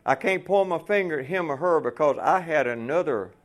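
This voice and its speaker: A man's voice: fairly high pitch, expressive, a little fast. A man preaching a folksy sermon to fellow truckers, asking the room rhetorical questions.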